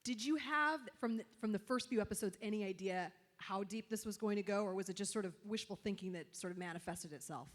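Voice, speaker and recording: A woman's voice: mid-range voice, fast talker, few pauses. A woman moderating a fan convention panel on stage, eager and bubbly, calling herself a resident geek. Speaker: panel moderator, local TV presenter.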